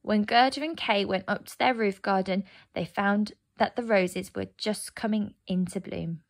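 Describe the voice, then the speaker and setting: A woman narrating a fairy tale aloud, gentle and expressive. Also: medium pitch, measured pace, gravelly. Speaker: storyteller. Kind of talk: storybook narration.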